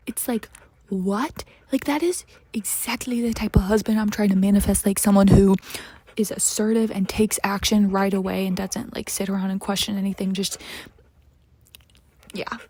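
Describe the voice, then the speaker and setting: A woman's voice: medium pitch, steady tone, moderate pace, creaky, a little mellow, slightly rough. A young woman chatting casually about books at home, gushing and saying "like" a lot. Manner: chatty, gushing, says "like" often. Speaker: book vlogger. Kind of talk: casual chat. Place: home, during a storm. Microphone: phone or camera mic, clip-on mics dead.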